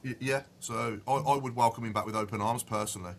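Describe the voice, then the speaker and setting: A man's voice: mid-range voice, fairly even intonation, fast. A man hosting a podcast, leading a casual football chat with lots of "yeah" and "um" fillers. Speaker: podcast host.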